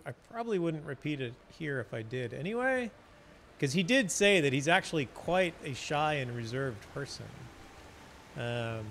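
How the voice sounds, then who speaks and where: Gravelly, chatty man streaming a game. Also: mid-range voice, a bit bright, a little hiss or hum. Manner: rambling, chatty, restarts mid-sentence. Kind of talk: casual gameplay commentary.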